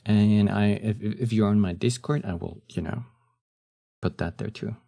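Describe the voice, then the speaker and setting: A young man chatting casually on a live stream, with a deep, husky morning voice and a laid-back way of talking, often trailing off with fillers. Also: normal speed, dark tone.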